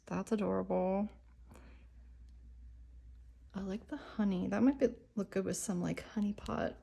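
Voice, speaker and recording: Gravelly-voiced bubbly woman vlogger. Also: medium pitch, moderate pace, long pauses, mellow. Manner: bubbly, enthusiastic, lots of "like" and "um". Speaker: nail art vlogger. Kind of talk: casual chatty vlog.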